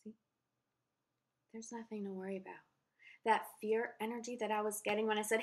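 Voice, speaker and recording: A woman's voice: medium pitch, fairly quick, pauses often. A woman giving a tarot reading to the camera, spiritual and effusive, speaking straight to the viewer with emphasis. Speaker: tarot reader.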